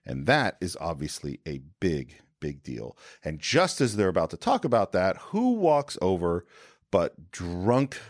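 A man's voice: low-pitched, wildly swooping pitch, unhurried, no room sound, studio quality. A man co-hosting a film podcast, retelling a movie scene by scene and acting out the characters' lines in casual chat. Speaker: podcast co-host.

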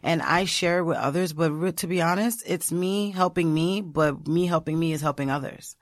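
Lively, expressive woman podcast guest. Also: sits low, normal speed, no echo, studio quality. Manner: animated, expressive storyteller who acts out quotes. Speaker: guest, blogger. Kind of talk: casual interview chat.

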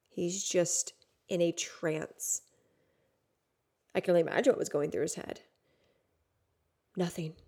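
A woman's voice: on the low side, slightly rough. Woman telling a raw personal story. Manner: raw, intimate, with frequent "like" and sudden swings from hushed to loud. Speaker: podcast host.

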